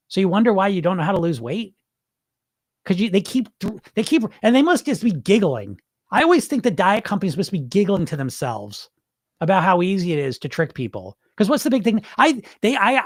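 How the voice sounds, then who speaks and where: A man's voice: high-pitched, dry recording, studio quality. A man hosting a weight-loss podcast, talking bluntly and emphatically with frequent swearing. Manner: blunt, profane, animated and emphatic. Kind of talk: unscripted podcast monologue reading listener comments.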